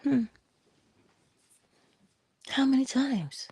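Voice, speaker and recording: A middle-aged woman hosting a casual motivational talk, telling personal stories with laughter and hushed asides. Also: high-pitched, very slow, husky, no echo, clean studio sound. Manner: animated storytelling, laughs often, drops into hushed asides. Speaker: channel host.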